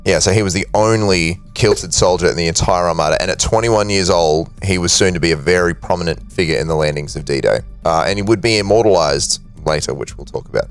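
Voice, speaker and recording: A man's voice: sits low, fairly quick, hardly any pauses, clear, resonant tone, faint music behind. A man hosting a podcast, telling a history story in a casual way with frequent fillers. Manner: steady narration with frequent uh fillers. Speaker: podcast host.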